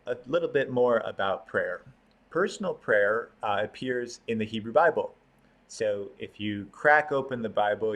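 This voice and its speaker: A man's voice: medium pitch, a bit bright. A man teaching an online class on prayer, explaining terms patiently with frequent fillers and restarts.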